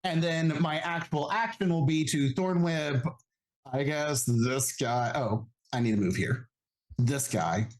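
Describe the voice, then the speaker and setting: Slow-talking man narrating his turn. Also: on the high side. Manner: slow, halting, many fillers. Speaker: player. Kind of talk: narrating a tabletop game turn.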